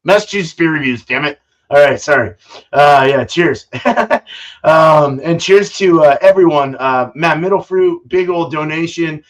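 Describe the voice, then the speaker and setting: Rambling, swearing home brewer on a stream. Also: male voice, a little high, unhurried. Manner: loose, swearing, rambling with fillers. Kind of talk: casual live-stream chat. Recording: dull lo-fi stream audio.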